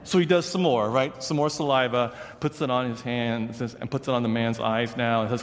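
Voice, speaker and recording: A middle-aged male pastor with a mid-range voice preaches at normal speed in a large church sanctuary, where long reverb trails his words. His sermon is conversational storytelling, full of asides and frequent "right?" check-ins with the congregation.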